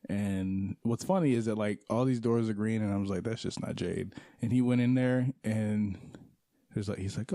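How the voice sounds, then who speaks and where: A man co-hosting a casual movie podcast, retelling scenes with lively put-on quotes and lots of swearing. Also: fairly low pitch, moderate pace, no echo, clean studio sound. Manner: animated storyteller acting out scenes, profane. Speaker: podcast co-host. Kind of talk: casual movie review chat.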